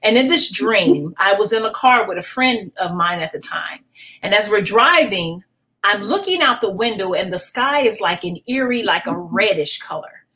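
Middle-aged woman pastor, podcast guest; emotional, animated testimony, frequent restarts. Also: medium pitch, moderate pace, low-quality recording. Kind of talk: personal testimony in a podcast interview.

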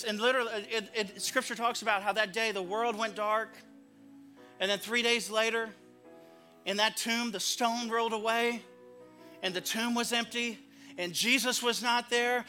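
A man's voice: very high-pitched, fairly even intonation, moderate pace, sharp tone, soft background music. A man preaching a sermon as pastor, earnest and emphatic, repeating phrases for weight.

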